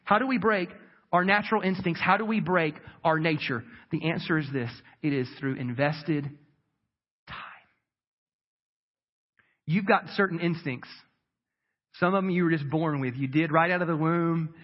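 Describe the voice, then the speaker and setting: High, husky-voiced preacher man. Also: normal speed, pauses often, dull audio. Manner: conversational preaching, acts out quoted voices, repeats words. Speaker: pastor. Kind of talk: sermon.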